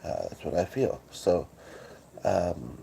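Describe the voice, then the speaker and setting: A man hosting a casual livestream from his couch, talking in a groggy morning voice with many halting fillers and restarts. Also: low voice, lively intonation, vocal fry, mellow, slight background noise. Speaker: livestream host. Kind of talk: casual rambling livestream chat. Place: at home on a couch.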